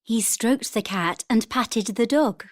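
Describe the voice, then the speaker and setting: A woman reading vocabulary words and example sentences for a textbook in a clear, deliberate manner. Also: on the high side, no echo, studio quality. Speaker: textbook audio reader.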